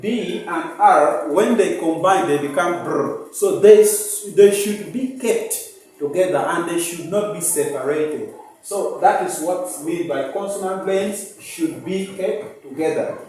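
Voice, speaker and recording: A male teacher with an East African English accent gives a phonics lesson, patiently repeating words and sounding out syllables. His voice is high-pitched with a darkish tone, recorded from a distance in an echoey room with a little hiss or hum.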